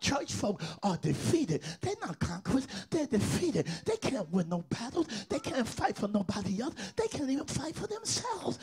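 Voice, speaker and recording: Gravelly high-voiced preacher man. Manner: swings from shouted chanting to hushed, tearful speech. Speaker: pastor. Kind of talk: sermon.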